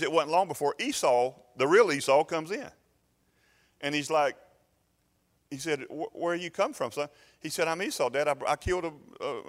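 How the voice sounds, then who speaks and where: Man, pastor, sermon, bright forceful voice, long church reverb. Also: fairly high pitch. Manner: storytelling, building to loud fervent preaching.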